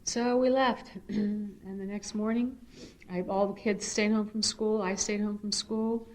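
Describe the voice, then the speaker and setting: A middle-aged woman giving a personal testimony at a recovery meeting. She tells her story in an animated, earnest way and shifts into spiritual reflection. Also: measured pace, slight background noise. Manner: animated storyteller, swings to high excited re-enactment. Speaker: speaker sharing at a recovery meeting.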